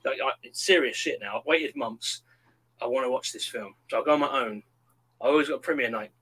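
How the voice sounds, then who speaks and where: A man's voice: medium pitch, brisk, slightly rough, rough recording. A man in his thirties, chatting casually and acting out quotes as he tells stories. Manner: animated storyteller, acts out quotes. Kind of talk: casual chat.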